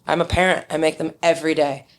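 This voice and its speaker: A candid middle-aged woman with a slightly low voice, sharing her experience in a relaxed interview. She tells stories openly and slips into other people's lines as she goes. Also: quick pace. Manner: candid, storytelling, acts out quoted dialogue. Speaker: winemaker guest. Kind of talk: conversational interview.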